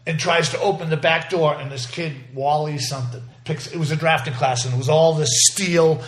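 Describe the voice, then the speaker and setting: A man's voice: a little high, fairly even intonation, brisk. A man, telling a vivid, profane, rambling story in a casual interview, full of restarts. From South Boston. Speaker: interview guest.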